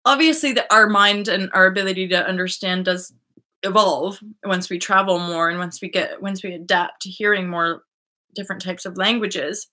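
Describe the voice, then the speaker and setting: A Canadian woman in her thirties chats on a livestream, her voice clear and bright with a tense edge. She rambles freely and keeps circling back to restart her sentences. Her pitch sits in an ordinary middle range for a woman. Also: fairly even intonation, normal speed. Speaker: host of a spiritual web show. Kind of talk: casual livestream chat.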